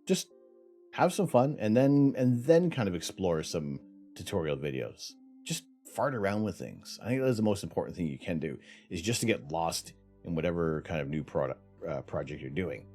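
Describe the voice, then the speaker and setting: Deep and slightly mellow, this man's voice carries a casual livestream from Canada. He rambles his way through viewer questions, reads chat comments out loud, and frequently restarts what he's saying.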